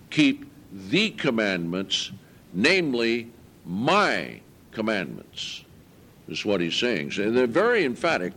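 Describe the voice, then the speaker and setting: Earnest preacher man, emphatic sermon. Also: fairly bright tone. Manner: earnest, emphatic, rising in pitch on key points; slow, deliberate scripture reading.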